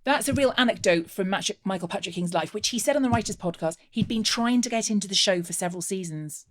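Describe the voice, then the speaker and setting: A woman's voice: medium pitch, fast talker. A woman co-hosting a podcast in casual chat, bantering wryly. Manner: wry, banters and jokes. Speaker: podcast co-host.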